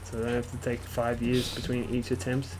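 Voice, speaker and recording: A man playing a video game, chatting sarcastically with swearing and sudden excited shouts. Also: mid-range voice, brisk, background noise. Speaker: game developer playing his own game. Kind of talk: casual gameplay chat.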